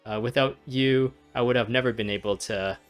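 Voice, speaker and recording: A man's voice: medium pitch, steady tone, moderate pace, soft background music, close to an everyday voice. A man voicing a shy, nervous young male villager who stammers and hesitates. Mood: timid.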